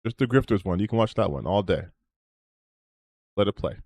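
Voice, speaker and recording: Low-voiced man rambling on a stream. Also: lively intonation, normal speed, darkish tone, no room sound, clean studio sound. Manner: rambling, self-promoting, swears freely. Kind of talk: casual stream sign-off chat.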